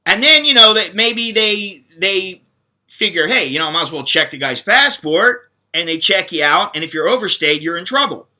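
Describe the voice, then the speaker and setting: A middle-aged American man with a high-sitting, animated voice and sharp tone hosts a channel, answering viewer questions in a casual monologue. He lectures viewers bluntly at normal speed and acts out little quoted voices.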